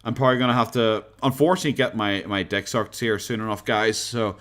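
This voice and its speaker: A man's voice: lowish voice, fairly even intonation, fast, heavy background noise. An Irish man chatting casually to his livestream audience. He swears freely and laughs often, and he leans in and out of his desk microphone. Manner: profane, laughs often, talks to chat. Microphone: desk microphone, leaning in and out.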